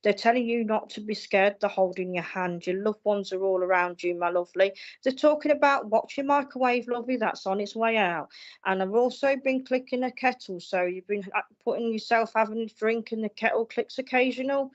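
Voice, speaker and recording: A woman's voice: mid-range voice, brisk, lo-fi sound. A woman working as a psychic medium, giving readings on a live stream in a reassuring manner, calling people darling and lovely.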